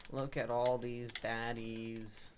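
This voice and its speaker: A man streaming live gameplay, rambling to himself and his chat, swearing and breaking into loud frustrated outbursts. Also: mid-range voice, flat delivery, takes it slowly, a little hiss or hum. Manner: self-talk with teasing asides.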